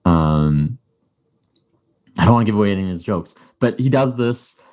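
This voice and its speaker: A man's voice: on the low side, lively intonation, moderate pace, a little mellow. A man hosting a podcast, chatting casually and rambling with many fillers and restarts. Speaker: podcast host. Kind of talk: casual chat.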